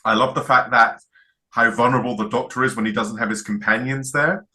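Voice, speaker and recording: Male co-host, bright tone, eager casual storyteller. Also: mid-range voice, steady tone, brisk. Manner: enthusiastic, retells scenes acting out lines. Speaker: podcast co-host. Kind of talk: casual chat.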